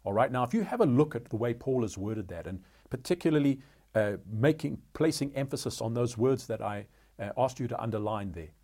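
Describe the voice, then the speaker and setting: A man leads a Bible study and works slowly through the text, asking questions and pointing out words to underline. His voice is dark and mellow with a husky edge. He sits at an ordinary middle pitch. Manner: methodical, asks rhetorical questions, tells listeners to underline words.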